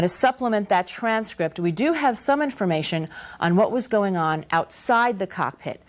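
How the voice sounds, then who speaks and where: A woman news anchor reading a scripted report in a measured, serious way. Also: mid-range voice.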